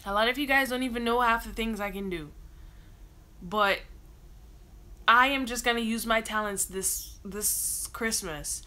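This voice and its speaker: A woman's voice: fairly high pitch, unhurried, pauses often, pushed and bright. A woman hosting a casual livestream, lying down at home, reading viewer comments aloud and answering them in a chatty way. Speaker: livestream host.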